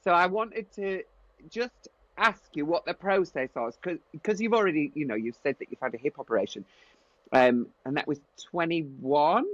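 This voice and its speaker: A man's voice: fairly high pitch, normal speed, no echo, lo-fi sound. A man with a Yorkshire accent co-hosting, asking long rambling questions in casual chat. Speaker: co-host.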